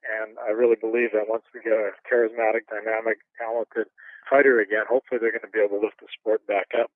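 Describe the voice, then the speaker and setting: Animated man over a tinny phone line. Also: lowish voice, quick pace, no room sound. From Canada. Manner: animated storyteller, chuckles often. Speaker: interview guest, former boxer. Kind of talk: casual storytelling interview.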